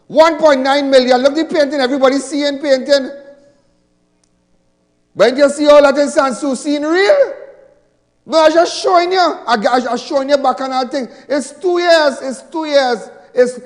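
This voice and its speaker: A Trinidadian man giving a fiery political rally speech in a large hall, emphatic, mocking and repeating his points. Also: extremely high pitch.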